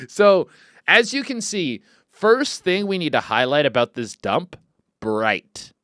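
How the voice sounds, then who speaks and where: A man hosting a comedy podcast, rambling and swearing freely, with loud excited outbursts. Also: fairly high pitch, takes it slowly, dry recording, clean studio sound. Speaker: podcast host. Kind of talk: casual comedic podcast chat.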